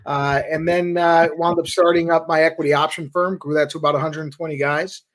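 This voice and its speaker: A man, the founder of a trading firm, recounting his career in a casual, animated storytelling way as a podcast guest. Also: fairly high pitch. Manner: animated anecdotes, quick asides.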